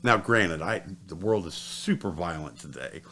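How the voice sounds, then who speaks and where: Animated, gravelly middle-aged man. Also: low voice, moderate pace, slight background noise. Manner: animated storyteller, acts out quoted voices. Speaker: podcast host. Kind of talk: casual chat.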